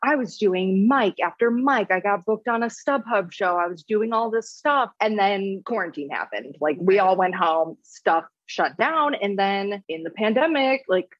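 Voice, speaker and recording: A young woman guest on a podcast, chatting casually and telling stories with quick silly voices for quoted lines. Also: medium pitch, expressive, no room sound, lo-fi sound. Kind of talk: casual chat.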